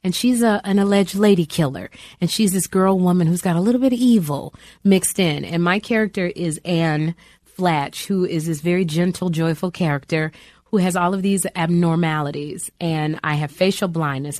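A woman's voice: fairly low pitch, no echo, clean studio sound. A middle-aged woman, an actress and comic, chatting in an interview and acting out the voices in her stories. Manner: animated storyteller, acts out quoted voices. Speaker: actress and comedian guest. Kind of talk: lively interview chat.

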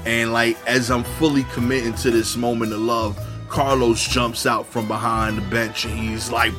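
A man's voice: medium pitch, flat delivery, moderate pace, hardly any pauses, over music. A man, telling a funny personal story in a conversational way, full of wry asides. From New York. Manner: conversational, many "you know" fillers, wry asides.

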